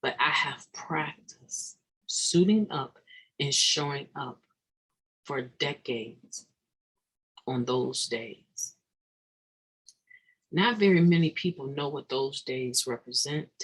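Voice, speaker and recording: A recovery meeting speaker giving an earnest, reflective daily meditation talk, halting and restarting mid-thought with sudden emphatic bursts. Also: mid-range voice, fairly bright tone, husky, poor audio.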